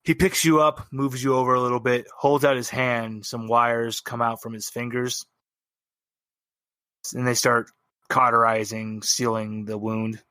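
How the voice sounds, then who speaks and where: A man running a tabletop game, narrating the action in a plain, descriptive way. His voice is mid-pitched and sounds dry and close, with no room around it. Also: level tone, measured pace, sharp tone, no echo. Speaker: game master.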